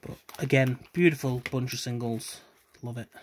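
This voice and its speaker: A man talks casually over a trading card opening, in a subdued, self-deprecating, somewhat droning voice full of little pauses and "um"s. His pitch sits in an ordinary middle range. Faint hiss and the clicks of cards can be heard under him. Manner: subdued, self-deprecating, low-key with trailing hesitations. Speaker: card collector vlogger.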